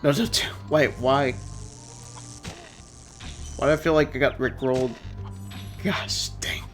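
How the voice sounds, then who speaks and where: A man's voice: mid-range voice, fairly even intonation, unhurried, a bit bright, soft background music. A young man streaming a game, chatting casually and rambling as he answers chat. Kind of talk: casual let's-play commentary.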